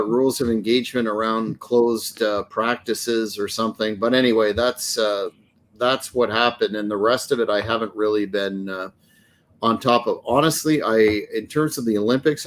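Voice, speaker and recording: A man from Canada, a wrestling manager co-hosting a podcast, talking in a measured, hesitant way with many fillers. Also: lowish voice. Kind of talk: casual chat.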